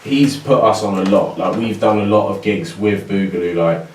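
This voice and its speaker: A man's voice: lowish voice, moderate pace. A man, a rapper guest telling stories in casual podcast chat, full of slang and swearing. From England. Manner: animated storytelling, heavy slang and swearing. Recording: roomy distant recording, faint noise.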